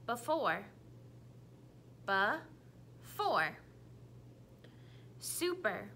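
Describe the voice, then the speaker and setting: A woman teacher leading a phonics lesson for children, saying each word clearly and repeating it for the class to echo. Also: a little high, sharp tone, a little hiss or hum. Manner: slow, clearly enunciated, repeats words for kids to echo.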